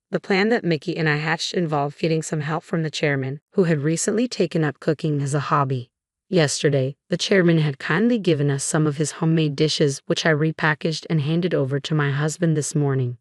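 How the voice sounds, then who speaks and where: A woman tells a first-person drama story in an even, measured delivery. Her voice is low for a woman, and the recording is dry and close with no room sound. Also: dry recording. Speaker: narrator.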